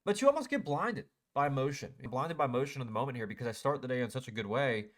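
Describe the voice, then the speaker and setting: A man's voice: medium pitch, lively intonation, fast talker. A young man casually recapping his trading day over a chart, self-critical and frustrated as he talks through his mistakes. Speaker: day trader. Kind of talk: casual screen-share trade recap.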